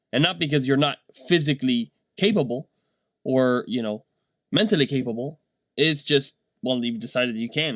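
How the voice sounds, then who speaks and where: A man, a dad, telling a casual motivational story in a rambling, animated way, tagging his points with "right?". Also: mid-range voice, no room sound. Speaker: vlogger and dad.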